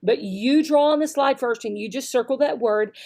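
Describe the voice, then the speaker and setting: Gravelly woman teaching with frequent "okay?". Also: fairly high pitch, moderate pace, darkish tone. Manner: frequent "okay?" check-ins, demonstrates words with varied voices. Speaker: online English teacher trainer. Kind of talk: instructional video lesson.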